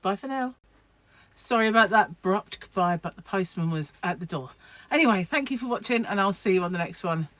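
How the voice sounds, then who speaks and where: A woman's voice: medium pitch, expressive, brisk, fairly bright tone, no echo. A sleep-deprived woman, rambling casually to camera in a home vlog, full of fillers and restarts. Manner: rambling, chatty, many fillers. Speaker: vlogger.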